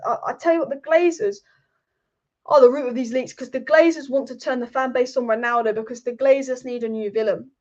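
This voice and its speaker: Woman host, quick and high-pitched, swears freely and repeats her points in a casual rant. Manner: fired-up, swearing, repetitive. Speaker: football channel host. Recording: dull lo-fi audio.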